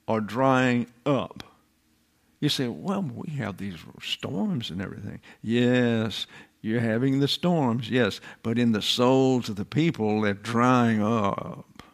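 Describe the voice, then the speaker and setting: An older man giving a classroom-style Bible sermon, deliberate and emphatic, repeating his key phrases. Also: mid-range voice. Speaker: Bible teacher.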